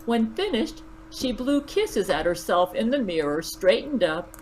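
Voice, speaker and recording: A woman reading a story aloud in an even but dramatic narrating voice. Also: fairly high pitch, measured pace, a little hiss or hum, low-quality recording.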